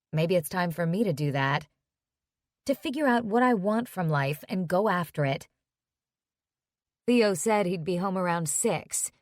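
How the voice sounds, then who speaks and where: A woman's voice: mid-range voice, dry recording, studio quality. A woman narrating a romance audiobook in the first person, with an intimate, conversational inner-monologue manner.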